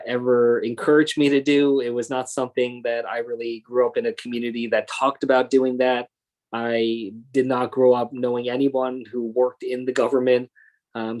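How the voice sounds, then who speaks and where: A man in his thirties talks through his thoughts in a reflective panel conversation. His voice sits at an ordinary middle pitch, and he sounds earnest, often pausing on "you know" and restarting his sentences. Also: darkish tone. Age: 30s. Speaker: congressman and guest speaker.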